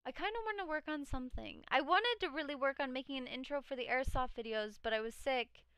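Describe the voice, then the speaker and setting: Her high voice moves at a quick pace with a bit of brightness, and the recording has no echo. She's a live streamer chatting casually, reading out her viewers' messages and laughing often. She sounds tired, with her voice cracking at times.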